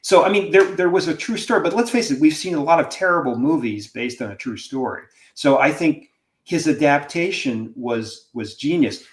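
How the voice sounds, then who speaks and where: A man, a professor, talking as a podcast guest in a casual, animated way, often restarting his sentences. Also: on the high side, moderate pace. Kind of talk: casual discussion.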